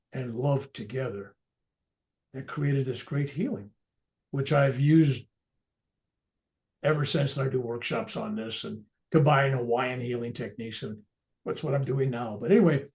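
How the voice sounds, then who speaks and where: A man's voice: medium pitch, a little mellow. An older man, a reverend, giving an earnest, reflective talk as he tells a personal spiritual story to an audience. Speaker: reverend and speaker at a veterans event.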